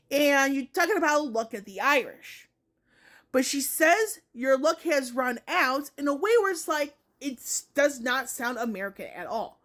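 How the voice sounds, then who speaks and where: A woman with a notably high voice talks through her views in a relaxed gaming vlog. She rambles, circles back and fixes her words as she goes, with plenty of asides. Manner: rambling, self-correcting, many hedging asides. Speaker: gaming vlogger. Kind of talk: casual opinion vlog.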